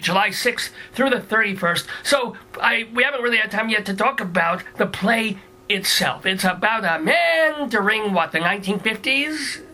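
A male radio host with a high, sharply bright voice. He jokes and cuts in with quick questions. His voice is clear and forceful. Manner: quick, joking, interrupting. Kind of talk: radio interview.

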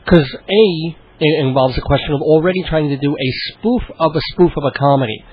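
A man's voice: on the high side, brisk, husky, narrow, tinny audio. A man hosting a radio interview, listening attentively and asking long, winding questions. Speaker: radio host.

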